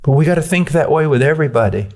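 A man's voice: a little high, lively intonation, racing, a little mellow. A man preaching a sermon, blunt and personal in the way he talks.

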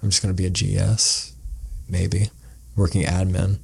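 A man's voice: low voice, flat delivery, normal speed, creaky, darkish tone, breathy edge. A man, a podcast guest, telling a story in a casual, rambling way and acting out the quoted lines. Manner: rambling, acts out quoted dialogue.

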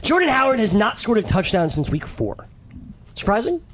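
A man hosting a casual sports chat, reading stats with quick quips. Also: high-pitched, big pitch swings, over a noisy crowd. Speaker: podcast host.

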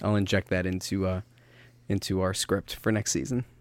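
A man's voice: deep voice, moderate pace. Laid-back man chatting soccer on a podcast. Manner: animated storyteller, rambling with restarts. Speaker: podcast co-host. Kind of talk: casual soccer podcast chat.

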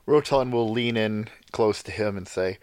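A man playing a tabletop game, casually thinking out loud about his character's moves. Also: on the low side, normal speed, no echo. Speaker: player.

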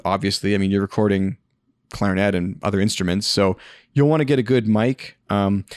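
A man's voice: lowish voice, no echo. Casual rambling man, dry sound. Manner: rambling, with many fillers and restarts. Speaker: podcast host answering a listener question. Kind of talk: casual spoken advice. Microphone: studio podcast microphone.

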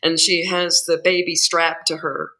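A woman's voice: low-pitched, measured pace, poor audio. A woman co-author chatting casually, telling stories and laughing often. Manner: laughs often, lively storyteller. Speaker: co-author guest. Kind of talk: casual conversational storytelling.

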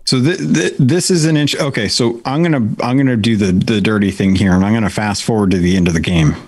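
Low-voiced man, slow and thoughtful. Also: darkish tone, slightly rough, dry recording. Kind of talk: casual chat about a video game.

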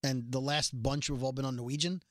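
A man from New York City with a New York accent, co-hosting a casual chat show and acting out people in quick asides. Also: medium pitch, steady tone, no room sound, studio quality. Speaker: podcast co-host.

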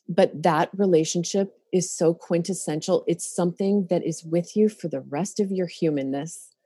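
A woman's voice: on the low side, mellow, breathy edge, no echo, clean studio sound. A middle-aged woman therapist in a casual podcast talk, speaking openly and emotionally, with many fillers and restarts.

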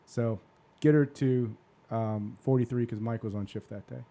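A man's voice: medium pitch, fairly even intonation, normal speed, dark tone. A man in his forties, a podcast host, telling a long personal story in a rambling, casual way and swearing freely.

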